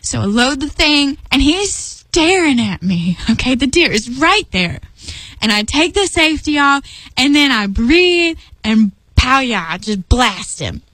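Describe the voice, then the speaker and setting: A woman's voice: high voice, unhurried, dry recording, poor audio. Chatty woman telling a personal story. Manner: lively, chatty, laughs often, acts out her own lines. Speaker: storyteller sharing a faith testimony.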